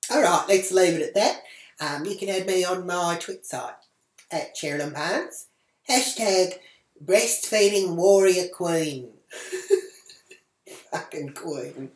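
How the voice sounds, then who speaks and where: A brash, foul-mouthed Australian woman rants to camera in a fairly low voice. She talks crudely and swears without a second thought. The sound bounces around a small echoey room at home. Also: takes it slowly, long pauses. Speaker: vlogger.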